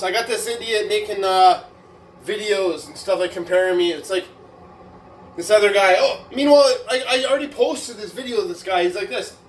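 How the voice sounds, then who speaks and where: A man's voice: high-pitched, echoey room, a little hiss or hum. A man in a casual vlog rant, boastful and taunting, who keeps tagging his sentences with "right?" and "man". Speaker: weightlifting vlogger.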